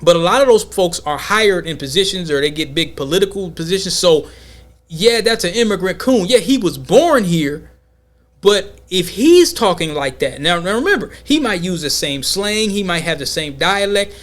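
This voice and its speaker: A man hosting a podcast, talking in an emphatic, slangy, animated way during a casual debate. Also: high voice, moderate pace. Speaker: podcast host.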